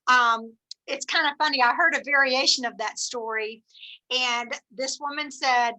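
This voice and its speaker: A middle-aged woman leading a team meeting on a video call, telling stories in an animated, encouraging way. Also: high-pitched, unhurried, poor audio. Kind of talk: motivational team meeting talk.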